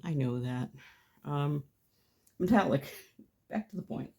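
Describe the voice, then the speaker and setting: A mixed media artist chats casually about her gel plate printing project in her home craft studio, poking fun at herself and laughing often. Her voice is low, gravelly and darkish in tone.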